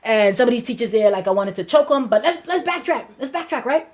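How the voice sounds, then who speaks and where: Guyanese woman pastor, lively testimony, somewhat high voice, repeats herself while telling it. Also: fast. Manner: animated storytelling with repetitions and restarts. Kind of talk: personal testimony to a congregation.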